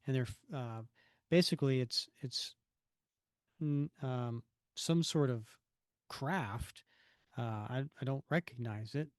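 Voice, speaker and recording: A man's voice: mid-range voice, slow pace, pauses often, no echo, clean studio sound. A man in his fifties co-hosting a podcast, chatting casually and reading comic panels aloud, rambling and correcting himself. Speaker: podcast co-host.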